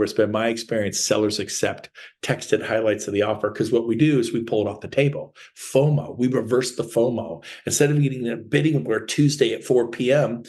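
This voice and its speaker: A man's voice: mid-range voice, a little mellow. A man giving a sales training talk as a real estate coach, telling stories with energy and acting out phone calls.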